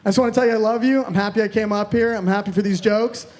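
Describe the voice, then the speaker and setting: High-voiced rambling stand-up man. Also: steady tone, fast, a little mellow. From Florida, US. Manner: rambling, self-deprecating, swears freely. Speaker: stand-up comedian. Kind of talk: improvised stand-up set.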